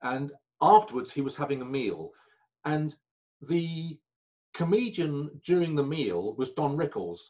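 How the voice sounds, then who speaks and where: Brief: male guest spinning anecdotes, a little high-pitched, halting delivery, muffled call sound. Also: darkish tone. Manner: chatty raconteur, halting and self-correcting. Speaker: magician guest. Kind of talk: anecdotal interview chat.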